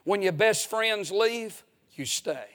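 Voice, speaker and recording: Pastor guy, really high voice, folksy and emphatic preaching in church. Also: lively intonation, slow, a bit bright. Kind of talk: sermon.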